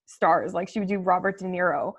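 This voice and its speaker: A woman guest on a webinar, talking in an animated, emphatic way and laughing easily. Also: on the low side, brisk. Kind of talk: casual webinar chat.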